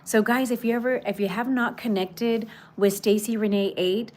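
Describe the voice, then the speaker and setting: A woman's voice: fairly high pitch, steady tone, moderate pace, slight background noise. A woman hosting a casual livestream from her patio, chatting and reading viewer comments aloud. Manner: chatty, warm greetings, many fillers. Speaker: livestream host. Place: outdoor patio at home.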